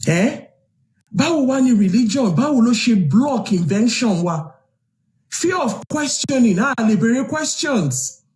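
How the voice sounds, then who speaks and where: A woman with a Yoruba accent gives an impassioned live stream monologue, firing off rhetorical questions and mixing Yoruba with English. Her voice sits fairly high. The room around her rings with a noticeable echo. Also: animated, measured pace, darkish tone. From Yoruba southwest Nigeria.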